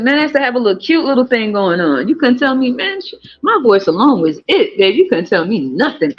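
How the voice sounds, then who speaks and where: Man, American country accent, casual livestream host, profane, animated, frequent laughter, dull lo-fi recording, faint background music. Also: a little fast. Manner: animated, profane, laughs often, jumps into high squeals. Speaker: podcast host. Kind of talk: casual livestream chat with viewers.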